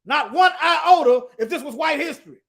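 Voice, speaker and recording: A man's voice: very high voice, moderate pace, a bit bright. A man teaching the Bible in an emphatic preaching style, reading scripture aloud and addressing his listeners directly. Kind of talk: preaching to an online audience.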